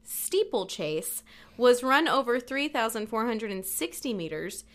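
A woman's voice: on the high side, sing-song, measured pace, a bit bright. A woman co-hosting a morning radio show, chatty and laughing as she reads out fun facts. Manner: chatty, laughs at her own stories.

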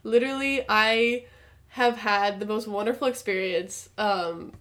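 A woman's voice: mid-range voice, measured pace, fairly bright tone. A young woman co-hosting a podcast, chatting in a bubbly, gushing way with lots of fillers. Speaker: podcast co-host. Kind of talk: casual chat.

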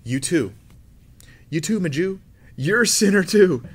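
A man's voice: sits high, lively intonation, a little slow, slightly rough, voice pushed up, heavily acted. A man putting on the voice of a stern preacher, scolding a listener with raised, emphatic delivery.

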